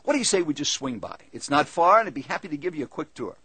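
A man's voice: fairly high pitch, very animated, quick pace, pushed and bright, breathy edge, dry recording, exaggerated voice. A man voicing a friendly, talkative male cab driver who speaks politely and in a folksy way. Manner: polite, folksy, keeps saying "Mister Weldon".

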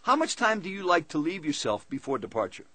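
Male cab driver figure, put on by a storyteller, friendly, folksy, polite, husky, dry sound. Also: on the high side, sing-song, brisk, pushed and bright, dry recording, full character voice. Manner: polite, folksy, keeps saying "Mister Weldon".

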